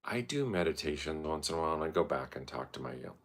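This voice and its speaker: A man's voice: extremely low pitch, very animated, fast talker. A man telling rambling, profane, stream-of-consciousness stories in a casual monologue.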